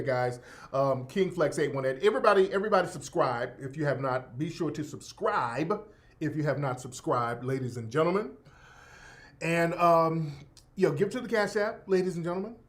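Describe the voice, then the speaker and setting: A man's voice: fairly high pitch, expressive, a little fast. A man hosting his own show, talking in a loose, rambling and profane way, often breaking into laughter. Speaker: radio show host. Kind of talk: casual livestream commentary.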